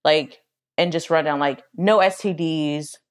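A young adult woman co-hosting a podcast, telling a personal story in casual chat and acting out quoted voices. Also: measured pace. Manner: animated, acts out quotes in a high voice. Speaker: podcast co-host.

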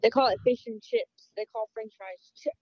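A woman's voice: on the high side, normal speed, dry recording. Blunt, joking woman on a dull mic. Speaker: podcast co-host. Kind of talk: casual chat. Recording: slightly dull lo-fi sound.

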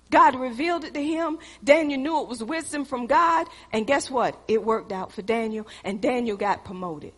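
A woman preacher delivering a passionate sermon, swinging between loud exhortation and hushed intensity. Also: sits high, slightly rough, long reverb tail.

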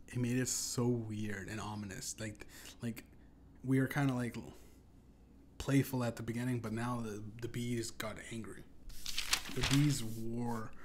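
A man hosting a comedy podcast, rambling through an absurd tall tale in a deadpan, profane way. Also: mid-range voice, slight background noise. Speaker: podcast host. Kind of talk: improvised comedic storytelling.

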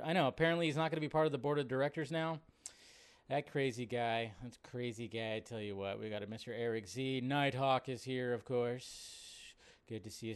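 A man hosting a casual livestream, chatting and greeting viewers by name and laughing easily. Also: medium pitch. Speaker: livestream host. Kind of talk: casual live chat reading viewer comments.

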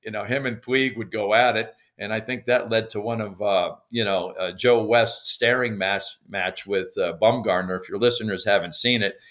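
Older male coach as guest, fairly low voice, loose and meandering, trips over his starts. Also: fairly even intonation, normal speed, hardly any pauses, fairly bright tone. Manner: rambling, with many restarts and fillers. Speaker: podcast guest, baseball coach. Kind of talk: casual interview conversation.

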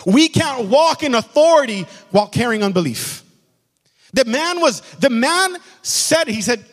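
High-voiced man preaching in a reverberant church. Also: animated, normal speed. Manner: impassioned preaching, repeats lines for emphasis. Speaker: pastor. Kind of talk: sermon. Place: church sanctuary. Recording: long hall reverb.

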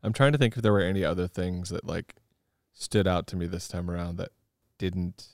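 A man reflecting on a film in a casual podcast chat, pausing and searching for words. His voice sits low and comes across smooth and clear. Recorded close and dry. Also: steady tone, a little mellow, no echo. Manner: thoughtful, halting, with frequent "um" and "like". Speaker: podcast co-host. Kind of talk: casual movie discussion.

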